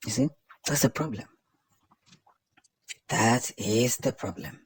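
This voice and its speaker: A man with a Nigerian accent giving impassioned political commentary, emphatic and repetitive, building up to loud declarations. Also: mid-range voice, takes it slowly, husky, no room sound.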